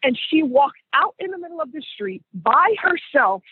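A man's voice: extremely high pitch, sing-song, normal speed, no room sound. A man hosting a podcast, telling a story in a conversational way and repeating phrases for emphasis. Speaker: podcast host. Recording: dry, phone-like sound.

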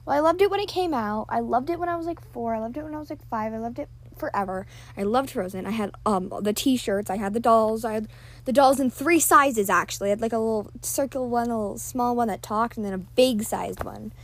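This girl's podcast is loose and chatty, heavy on "like" and self-deprecating jokes, picked up by a built-in device mic. The teenager's voice is fairly high and fairly quick.

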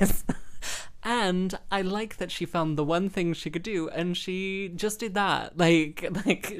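Low-voiced woman rambling with laughs. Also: clear, resonant tone. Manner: rambling and self-interrupting, laughing often. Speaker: podcast host and freelance musician. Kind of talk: casual chatty monologue.

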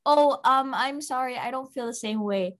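High-voiced chatty young woman. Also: moderate pace, fairly bright tone. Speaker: quiz player among friends. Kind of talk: casual chat.

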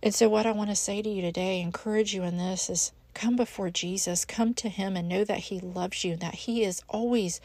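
Earnest woman doing a faith podcast, kinda gravelly, dry close sound, lots of restarts. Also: mid-range voice, steady tone, brisk, hardly any pauses, a little mellow, no echo. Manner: earnest, encouraging, addresses listener as friend; frequent restarts and fillers. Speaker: podcast host. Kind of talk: devotional podcast talk.

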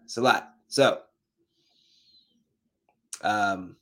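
Speaking very slowly in a lowish, fairly bright voice, this thirty-something man hosts a casual podcast on his own. He chats loosely but gets more and more worked up, ranting, whenever something bothers him.

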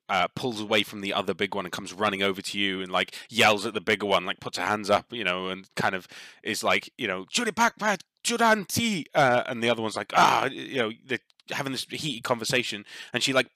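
A man's voice: lowish voice, sharp tone, no room sound. A man narrating a tabletop role-playing game as game master, in a loose, rambling way full of fillers.

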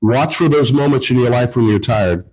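Husky-voiced preacher man. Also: mid-range voice, normal speed, a little mellow, poor audio. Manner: emphatic, repetitive, addresses listeners directly. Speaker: pastor. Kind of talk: sermon. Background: men's gathering.

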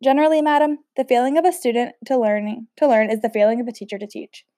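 A woman's voice: fairly high pitch, fairly even intonation, quick pace, warm tone, no room sound, studio quality, close to an everyday voice. A woman voicing a blunt, defiant young female student, speaking cheekily.

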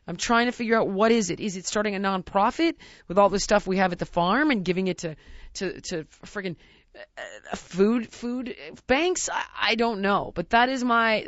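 A woman's voice: medium pitch, dry recording, highs cut off. A woman in candid casual chat who talks in an earnest, searching way, full of restarts and "like".

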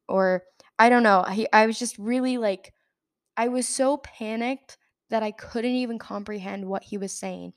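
A woman's voice: mid-range voice, steady tone, normal speed, smooth, no room sound, studio quality. A young woman hosting a podcast, telling a personal story in a rambling, casual way, full of fillers and laughs. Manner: rambling, filler-heavy retelling with frequent laughs. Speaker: podcast host.

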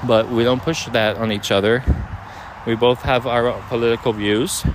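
A man's voice: medium pitch, fairly even intonation, normal speed, background noise. Earnest rambling young man outdoors. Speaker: boyfriend addressing his partner. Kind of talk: heartfelt apology monologue. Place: outdoors near overhead air traffic.

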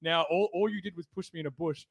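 A man's voice: fairly high pitch, quick pace, gravelly, dry recording. A man, co-hosting a podcast and telling stories in casual banter. He swears often and laughs through his tales. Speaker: podcast co-host.

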